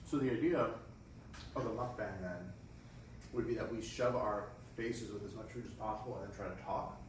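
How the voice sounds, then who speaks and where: Young man, lowish voice, wry easygoing chat, distant mic, room noise. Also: moderate pace. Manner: easygoing, wry, laughs often. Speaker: co-host. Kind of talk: casual chat while taste-testing food. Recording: echoey room, voice from far off.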